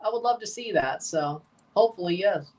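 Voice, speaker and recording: A man streaming his live reaction to a football match, swinging between muttered grumbling and loud, exasperated shouts. He sits a little back from the microphone, so his voice comes across slightly distant. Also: sits high, a little fast. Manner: excitable, exasperated, bursts into shouts. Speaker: watchalong streamer.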